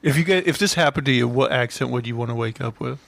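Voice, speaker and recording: A man's voice: medium pitch, fast talker, creaky, fairly bright tone, no room sound. A man co-hosting a comedy podcast, chatting loosely with lots of fillers and laughs. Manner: rambling, filler-heavy, laughing. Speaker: podcast co-host. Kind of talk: casual comedy podcast chat.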